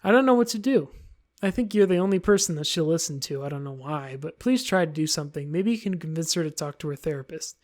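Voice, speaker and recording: A woman's voice: sits low, expressive, fast talker, a little mellow. A woman voicing a small, bratty teenage girl from a game, worried and pleading in a letter, snappy in arguments. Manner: snappy, defensive.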